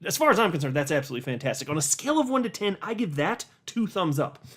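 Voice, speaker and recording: A man giving casual, animated commentary as a hobby YouTuber, with sarcastic asides and little rants. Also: fairly high pitch, fast talker. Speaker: crypto YouTuber.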